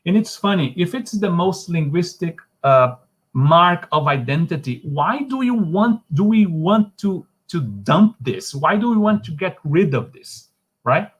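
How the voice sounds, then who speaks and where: Male lecturer, Brazilian accent, Portuguese native; a slightly high voice, halting delivery full of restarts. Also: sing-song, husky. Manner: halting, many restarts, discursive. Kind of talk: academic online lecture.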